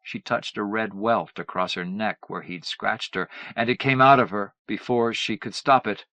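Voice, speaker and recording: A man's voice: on the low side, steady tone, moderate pace, bright, forceful tone, dry recording. A man reading a novel aloud as an audiobook narrator, with dramatic, varied delivery. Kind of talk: scripted narration.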